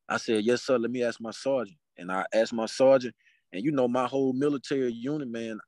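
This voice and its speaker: A man's voice: lowish voice, no room sound. A man from Mobile, Alabama, a podcast guest telling a story in casual chat and acting out the dialogue in it. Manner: animated, acts out dialogue in quotes.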